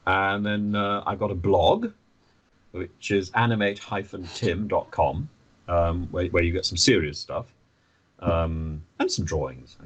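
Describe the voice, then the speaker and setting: A man talking as a podcast guest, animated, often stammering and restarting his sentences. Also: fairly low pitch, highs cut off. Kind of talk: conversational podcast interview.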